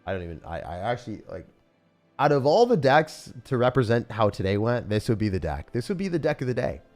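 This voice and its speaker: A young man giving live commentary as he plays and rates card decks, excitable, with loud outbursts and laughter. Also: medium pitch, a little fast. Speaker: streamer playing and rating decks. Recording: faint music behind.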